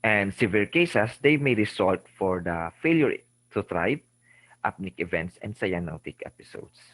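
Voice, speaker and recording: Filipino guy, middle-aged, lecturing med students, really low voice, dry close sound, keeps saying remember and okay. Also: expressive, normal speed, fairly bright tone, dry recording, low-quality recording. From Philippines. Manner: didactic, repeats key terms, frequent "okay?" and "remember". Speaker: lecturer, ENT surgeon. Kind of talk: recorded medical lecture.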